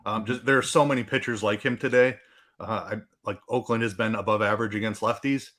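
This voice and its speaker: A man's voice: medium pitch, a bit bright. A man giving enthusiastic opinions as a guest analyst on a casual live stream. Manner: enthusiastic, talks in restarts and "like"s.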